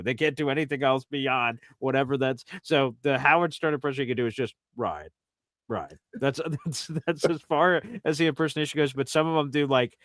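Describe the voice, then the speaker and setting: A man's voice: medium pitch, no room sound, studio quality. A man hosting a casual sports chat show, rambling and telling stories with lots of fillers. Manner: rambling, animated storytelling with fillers. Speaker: host.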